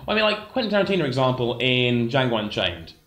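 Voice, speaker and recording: A man's voice: mid-range voice, sing-song, fast talker, fairly bright tone, roomy sound. A man co-hosting a gaming livestream, chatting casually and hesitantly while reading the chat aloud.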